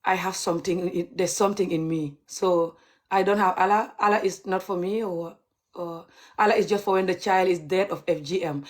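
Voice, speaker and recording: A woman's voice: fairly low pitch, fairly even intonation, moderate pace. A young adult woman, ranting heatedly and mockingly on a livestream as a vlogger. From Gambia. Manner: heated, mocking, laughs bitterly. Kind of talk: livestream rant.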